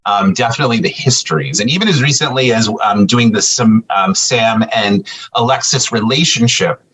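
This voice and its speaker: A man's voice: mid-range voice, normal speed, poor audio. A middle-aged man, a podcast guest telling a casual story and acting out the back-and-forth of conversations. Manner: animated storyteller acting out quoted exchanges.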